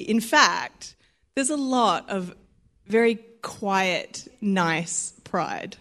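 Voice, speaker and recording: A woman's voice: medium pitch, animated, drawn-out words, fairly bright tone. A young Australian woman giving a sermon in a chatty, conversational way, acting out little quoted voices and laughing easily. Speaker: preacher.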